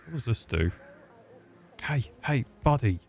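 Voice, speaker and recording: A man's voice: mid-range voice, sing-song, a little slow, gravelly, darkish tone, a little hiss or hum. A man giving crude, rambling comedic commentary while playing a video game. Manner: crude joking banter, rambling. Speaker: gaming commentator. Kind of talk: comedic let's-play commentary.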